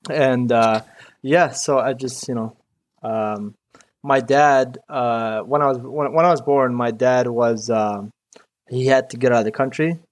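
A man's voice: medium pitch, fairly even intonation, measured pace. Rambling young man, casual and loose. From Iraq. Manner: loose and rambling, full of "dude" and "you know". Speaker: mechanic guest. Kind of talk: casual interview chat.

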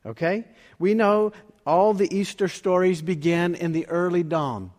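In a church, a pastor with a high-pitched, darkish voice preaches an earnest sermon at an unhurried pace, reading scripture and telling a story. The church hall gives the recording a long reverb.

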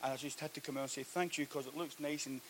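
A man preaching a sermon, telling a story that swings from hushed to loud. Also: mid-range voice, fairly even intonation, quick pace, slight background noise. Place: church hall.

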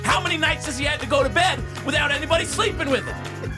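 A man's voice: very high voice, quick pace, music in the background, voice pushed up. A man voicing a self-righteous male preacher, scolding women in a mocking, exaggerated preachy way.

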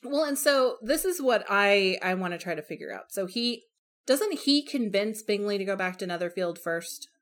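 Brief: woman podcast co-host, casual book chat, lively, plays out characters' lines. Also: mid-range voice, normal speed. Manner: animated, acts out characters' lines.

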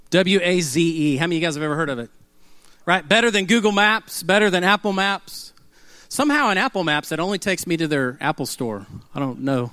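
High-voiced preacher, dry sound. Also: male voice, a bit bright, dry recording. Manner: conversational, humorous storytelling with call-and-response. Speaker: pastor. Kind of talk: sermon.

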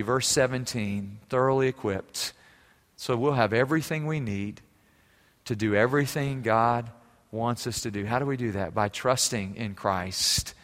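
A middle-aged man preaching a sermon as pastor, telling stories with lively humor and ending in prayer. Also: medium pitch, big-room sound. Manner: storytelling, lively, warm humor.

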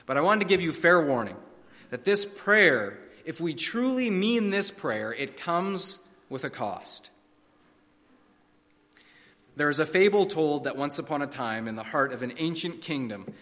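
Preacher guy telling a story in a sermon, bright sharp voice, big echoey hall. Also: on the high side. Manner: dramatic, varied storytelling delivery.

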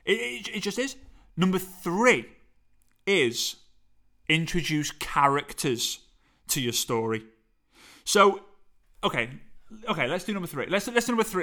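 Liverpool man speaking coach, a touch high, bright forceful tone, playful energy. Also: moderate pace. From Liverpool, England. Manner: lively, playful, varies voice high and low. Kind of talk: energetic teaching talk. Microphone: studio microphone.

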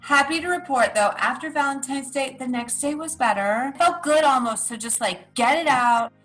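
A woman in her thirties co-hosts a chatty podcast, telling stories with lively energy and quick laughs. Her voice sits on the higher side. Soft music plays faintly behind her. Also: poor audio. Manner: chatty, animated storytelling with laughs. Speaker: podcast co-host. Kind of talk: casual chat.

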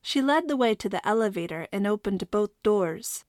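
A woman narrating a storybook in a steady, measured way. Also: mid-range voice, no room sound, clean studio sound. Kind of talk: audiobook narration.

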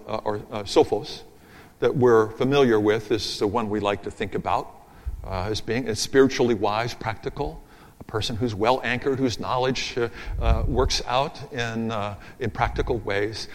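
Pastor, male, mid-pitched voice, emphatic sermon delivery with rhythmic repeats, long hall echo. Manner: emphatic, repeats key phrases in a rhythmic build; talks through his notes aloud, with asides. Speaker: preacher. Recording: long reverb of a large hall.

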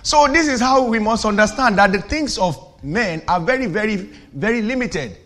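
A man preaches with a high, bright voice. His delivery is fervent and forceful, with questions thrown at the audience that build to shouted declarations. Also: animated, normal speed. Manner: teasing, asks the audience questions. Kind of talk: sermon.

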